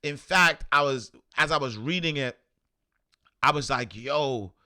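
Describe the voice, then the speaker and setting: A man hosting a casual news commentary show, rambling with many fillers and getting animated when indignant. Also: on the high side, unhurried. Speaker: host.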